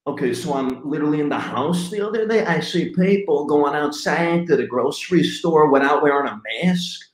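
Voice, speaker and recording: A man impersonating a gushing celebrity who rushes through stories and bursts into squealing outbursts. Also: on the high side, natural voice. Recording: roomy echo.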